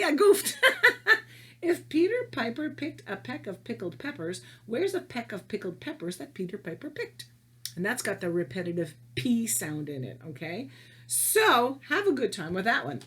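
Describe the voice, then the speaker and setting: Playful, husky-voiced woman teaching small children. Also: medium pitch, fairly bright tone. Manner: playful, sing-song, laughs often. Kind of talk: video lesson for young children.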